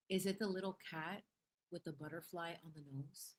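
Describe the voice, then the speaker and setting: A woman's voice: on the low side, fairly even intonation, moderate pace. A young adult woman hosting a casual livestream, reading viewer comments in a playful, effusive way, laughing often and dropping in Spanish phrases. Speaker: livestream host.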